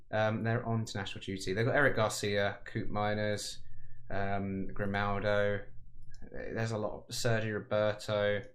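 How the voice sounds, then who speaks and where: A man with a lowish voice talks through a football management game in a loose, conversational way. He rambles, corrects himself and pokes fun at his own remarks as he goes. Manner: chatty, self-mocking, rambling asides. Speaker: gaming commentator. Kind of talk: casual game commentary.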